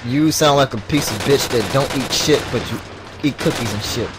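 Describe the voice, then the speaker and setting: A gaming channel host plays through a let's-play, crudely teasing a friend and laughing a lot. His voice is medium-pitched at a normal speed, with background noise.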